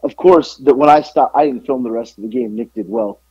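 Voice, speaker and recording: A man co-hosting a podcast, slightly hoarse from yelling, telling animated stories in casual chat. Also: mid-range voice, fairly quick, no room sound, highs cut off. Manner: animated storytelling, yelling out quotes. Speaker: podcast co-host.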